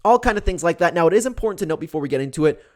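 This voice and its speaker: A man's voice: on the high side, expressive, rapid-fire, darkish tone. A man giving a casual, opinionated commentary recap as a YouTube MMA commentator, talking freely with lots of fillers. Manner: chatty, opinionated, filler-heavy.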